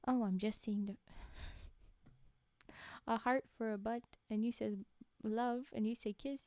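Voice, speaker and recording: A woman's voice: a little high, fairly even intonation, slow, long pauses, warm tone, no room sound. A woman streamer reading a story aloud on a livestream, with chatty, giggly asides to her viewers.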